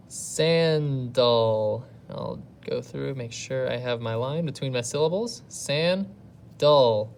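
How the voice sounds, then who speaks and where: A woman elementary teacher recording a lesson for pupils learning at home. She works through every question out loud, patient and methodical, pausing to weigh each choice. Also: rumbling low, vocal fry. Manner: patient, thinks aloud step by step.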